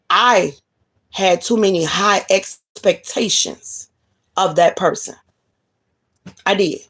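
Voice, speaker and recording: A woman's voice: medium pitch, gravelly. A woman delivering a blunt, profane monologue of relationship advice in a casual, preachy way. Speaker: spiritual reader.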